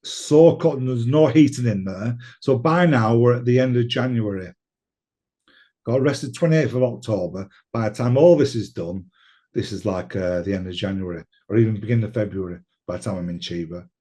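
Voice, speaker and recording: A man's voice: lowish voice, normal speed, dark tone. A British man telling a story in a casual interview, swearing often and laughing as he talks. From United Kingdom. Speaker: interview guest.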